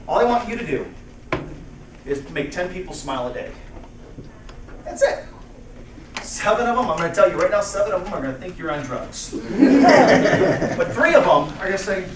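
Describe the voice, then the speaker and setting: A man giving a motivational keynote speech to a live audience, energetic and acting out bits of dialogue. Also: sits high. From United States. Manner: energetic, acts out dialogue in voices. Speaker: motivational speaker. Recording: echoey room from far off, noisy.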